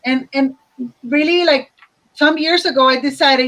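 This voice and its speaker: A woman's voice: high-pitched, fairly even intonation, unhurried, a bit bright, low-quality recording. A woman teacher in a casual group discussion, earnestly talking through her worries step by step.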